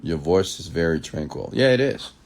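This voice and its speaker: A man hosting a late-night live stream, reading viewer comments aloud and answering them, who changes his pace and tone on purpose and sometimes slows into a measured news-anchor delivery. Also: deep voice, animated, darkish tone.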